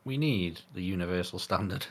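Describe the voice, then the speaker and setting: Deep-voiced man on a podcast. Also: expressive, brisk, fairly bright tone. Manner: tag questions, hearty laughter, rambling. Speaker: podcast co-host. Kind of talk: casual podcast chat.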